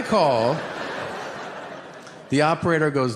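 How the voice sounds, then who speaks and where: A middle-aged man doing stand-up storytelling on stage, animated and jumping into loud acted quotes. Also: a little high, slow, long reverb tail. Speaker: stand-up comedian. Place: comedy stage. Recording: live stage recording with audience noise.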